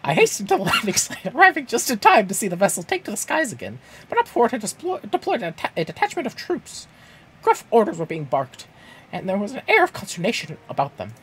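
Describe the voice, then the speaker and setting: A man voicing a game guard in a high, squeaky cartoon-mouse falsetto, stumbling over the lines as he reads. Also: wildly swooping pitch, fast, a bit bright, slightly rough, heavily acted. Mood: chirpy. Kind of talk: reading game dialogue aloud in voices.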